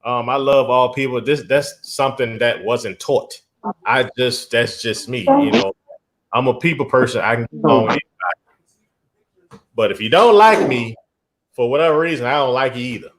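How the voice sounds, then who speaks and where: A man's voice: mid-range voice, expressive, moderate pace, pauses often, a bit bright, a little hiss or hum. A man hosting a casual live stream, talking emphatically, repeating his phrases and often breaking into laughter.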